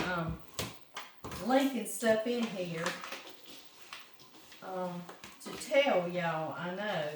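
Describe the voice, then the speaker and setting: A chatty Southern woman from Louisiana talks straight to her viewers while she cooks. Her voice comes from a distance in an echoey home kitchen, with clear background noise around her. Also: fairly low pitch. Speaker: home cooking vlogger. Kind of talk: casual kitchen chat. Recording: roomy kitchen, mic at a distance, noisy.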